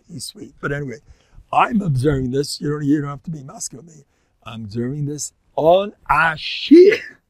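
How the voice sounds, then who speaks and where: Gravelly older New rabbi. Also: male voice, on the high side, no echo. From Far Rockaway, New York. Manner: rambling, jokey, animated asides with Yiddish and Hebrew words. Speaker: rabbi lecturer. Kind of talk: informal Torah talk.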